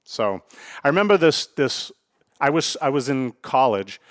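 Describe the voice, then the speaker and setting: A man talks through a solo podcast in a blunt, casual style. He keeps checking in with a quick "right?" and swears freely, at a middle pitch. The recording is dry and close. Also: big pitch swings, no echo. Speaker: podcast host.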